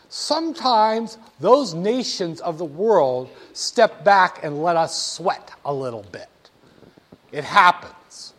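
A man's voice: a little high, animated, slow, fairly bright tone. A man lecturing a class, playful and teasing, talking straight to the students.

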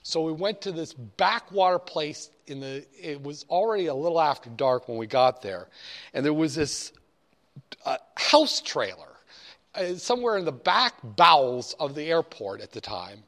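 A man's voice: on the high side, very animated, moderate pace, a bit bright. A man teaching a class, speaking in a conversational, digressive storytelling manner. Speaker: instructor. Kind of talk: storytelling lecture.

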